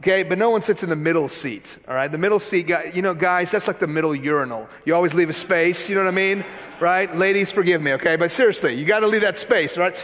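A man preaching a sermon, telling a story in a lively, conversational way and acting out the voices of people in it. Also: high-pitched, fast, big-room sound. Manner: animated, conversational, acts out quoted voices. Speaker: pastor.

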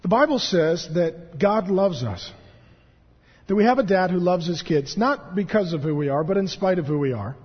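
A man in his thirties preaching a sermon as a pastor, animated and joking as he tells stories. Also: sits high, normal speed, breathy edge. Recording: dull, echoey hall recording.

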